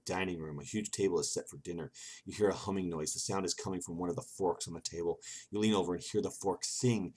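A man's voice: sits low, fairly even intonation, brisk, slight background noise. A man reading an old computer game's text aloud and reacting to it with sarcastic, swearing asides. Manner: sarcastic, swearing, laughing at the game. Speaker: gaming video host.

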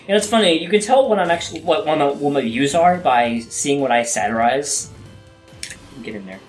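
A man playing a video game with a friend, excitable and joking crudely. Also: a little high, fairly quick. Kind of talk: casual gaming chat. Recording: roomy with game music behind.

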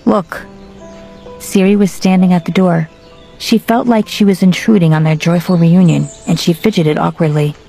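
Low, gravelly woman narrating a story. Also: fairly even intonation, moderate pace, warm tone, soft background music. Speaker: audiobook narrator. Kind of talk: scripted narration.

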